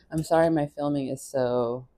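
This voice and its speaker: A woman's voice: sits low, mellow, no room sound. A tired woman vlogging at home, rambling and self-deprecating while she eats and gets ready to leave. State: tired, eating while talking. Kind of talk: casual vlog chat.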